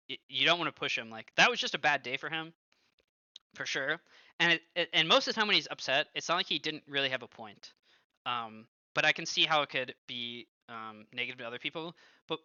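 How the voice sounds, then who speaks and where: A young man in his twenties, streaming and chatting casually, with a very sharp, bright voice. He tells stories with animation, using lots of fillers and swearing. The recording is dry and a bit dull and lo-fi. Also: medium pitch, no room sound. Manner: animated storytelling, heavy use of filler like and swearing. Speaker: streamer and former pro gamer. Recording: dull lo-fi, dry close sound.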